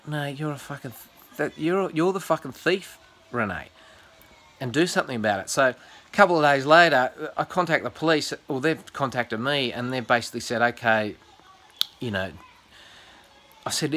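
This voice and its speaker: Australian man, bright voice, profane rambling story, vlog chat. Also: mid-range voice. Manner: swears constantly, rambling and animated, acts out the people he quotes. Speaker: comedian vlogger.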